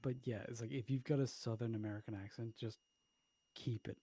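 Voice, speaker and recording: An Irish man co-hosting a casual podcast, talking bluntly and swearing as he argues his points. His voice is mellow and relaxed. The sound is dry and close. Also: medium pitch, a little fast, slightly rough, dry recording. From Ireland. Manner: blunt, swears freely, argumentative. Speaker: podcast co-host. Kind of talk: casual chat.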